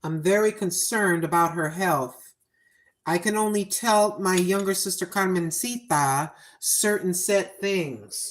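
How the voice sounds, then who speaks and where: A woman in her sixties hosting a cooking livestream, chatting in a folksy way and repeating her points slowly for emphasis. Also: fairly low pitch, background noise. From United States. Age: 60s. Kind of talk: casual livestream chat.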